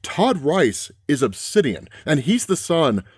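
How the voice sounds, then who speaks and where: A man's voice: a little high, big pitch swings, takes it slowly, slightly rough, dry recording, clean studio sound. A man giving a casual, conversational comic book recap and often tossing in rhetorical questions. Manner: conversational, frequent rhetorical "right?".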